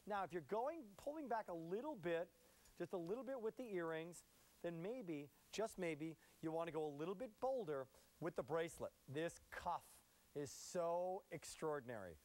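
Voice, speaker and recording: A man's voice: a little high, animated, normal speed, darkish tone. A man hosting a live shopping channel broadcast in an upbeat, chatty sales patter.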